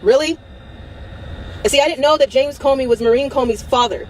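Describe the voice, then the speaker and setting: A woman's voice: high voice, fairly quick, slight background noise. A woman delivering an impassioned, angry rant to her viewers, blunt and swearing, hammering her points with repetition. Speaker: online commentator.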